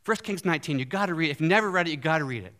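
Bright-voiced, animated male preacher. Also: a little high, racing. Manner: animated, asks the audience questions. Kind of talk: sermon.

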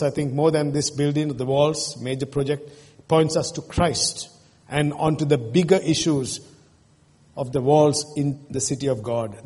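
A pastor preaches to his congregation with earnest feeling, often turning to them with questions. His voice sits a little high and sounds husky. A long church reverb trails after each phrase. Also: darkish tone. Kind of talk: sermon.

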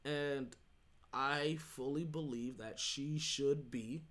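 A man with a medium-pitched, fairly bright voice speaks slowly and steadily. He hosts a sports podcast on his own, talking casually but emphatically, rambling, restarting, and frequently asking "right?"

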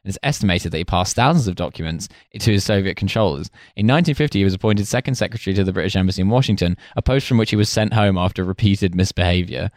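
A man's voice: low voice, quick pace, few pauses, a little mellow, dry recording, clean studio sound. Man reading history with joking asides. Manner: reads history notes, then breaks off into joking asides. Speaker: podcast co-host. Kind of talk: casual comedic history chat.

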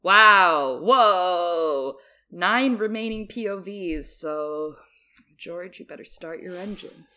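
Lively laughing young woman co-host. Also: fairly low pitch, measured pace. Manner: animated, laughing, swings loud and soft. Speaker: podcast co-host. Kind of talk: casual chat.

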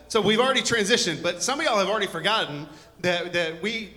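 Man, pastor, conversational sermon, joking asides, fairly high bright voice, long church reverb. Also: lively intonation, fast talker. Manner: joking, rambling asides, warm storytelling.

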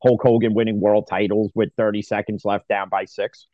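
A man's voice: on the low side, flat delivery, normal speed, dry recording. A man co-hosting a sports podcast, talking casually and ranting heatedly with swearing. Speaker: podcast co-host. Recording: dry, dull lo-fi mic.

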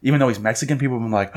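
A man from New York hosting a podcast, telling stories casually and acting out what people said. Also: mid-range voice. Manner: storytelling, acts out quotes. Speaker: podcast host.

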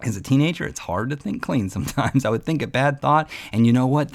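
A man's voice: mid-range voice, animated, brisk, gravelly, few pauses. A man hosting a devotional podcast. He teaches in a casual, earnest, storytelling way and often says "man.".

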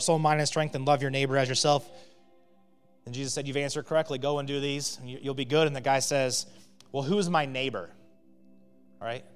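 A man's voice: medium pitch, fairly bright tone, smooth. A male pastor giving a sermon in a conversational way, often checking in with "right?" and building to emphatic peaks. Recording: long reverb of a hall with faint music.

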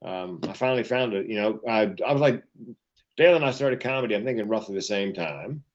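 A man's voice: lowish voice, animated, brisk, slight background noise. A man in his fifties, a comedian and keynote speaker, telling stories and punchlines in casual podcast chat with a self-deprecating manner. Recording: dull lo-fi audio.

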